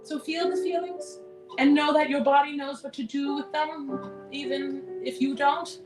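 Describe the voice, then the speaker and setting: High-voiced woman in a wry stage monologue. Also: steady tone, a little slow, recorded from a distance. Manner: wry, candid, frequent sighs and swearing. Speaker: solo performer. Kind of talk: live solo stage monologue. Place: theater stage before an audience. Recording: echoey stage recording from afar, music behind.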